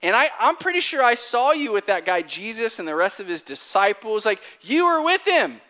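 A man's voice: very animated, moderate pace, bright, forceful tone, exaggerated voice. A man voicing a pushy, insistent teenage servant girl in a sermon retelling. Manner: pushy, certain, raised pitch.

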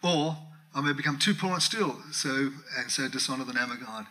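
A middle-aged man preaching a sermon, telling a personal story with animated acted-out dialogue and frequent laughter. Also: medium pitch, fairly quick, low-quality recording. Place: church.

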